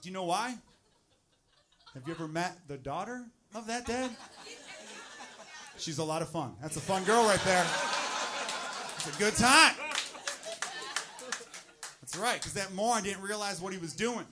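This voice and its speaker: A male stand-up comedian doing jokes and crowd work, animated and teasing, on a handheld mic in a comedy club. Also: high voice, a little slow, pauses often. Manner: animated, teasing, talks to audience members. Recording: noisy live club recording.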